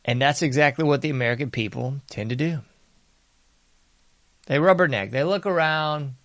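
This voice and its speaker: Man, commentary host, sarcastic monologue, mocking mimicry, loud to hushed swings, dry close sound. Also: on the high side, normal speed, no echo. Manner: varies loudness a lot, sometimes dropping to whispers.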